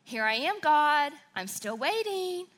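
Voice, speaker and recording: A woman voicing a blunt atheist male professor who taunts God in a flat, defiant way. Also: medium pitch, moderate pace, close to an everyday voice.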